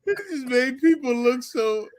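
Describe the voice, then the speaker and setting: A man hosting a podcast, talking casually in a laid-back, slangy way with animated storytelling. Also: very high voice, a little slow. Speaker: podcast host. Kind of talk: casual banter.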